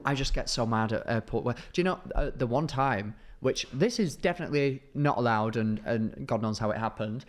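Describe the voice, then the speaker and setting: A young British man co-hosting a podcast, chatting casually and ranting in a lively, swear-heavy way. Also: medium pitch, fairly quick, hardly any pauses. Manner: animated, ranting, swears freely. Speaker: podcast co-host. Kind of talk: casual chat.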